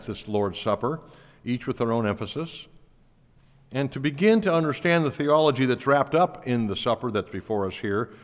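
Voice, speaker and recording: A male pastor delivers a teaching sermon with earnest emphasis. His pitch swings lively up and down as he stresses key points. The voice carries a long reverb from a large church hall.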